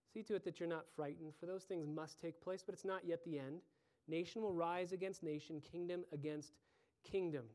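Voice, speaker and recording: A man's voice: high-pitched, darkish tone. A man preaching an earnest sermon as pastor, building to pleading emphasis.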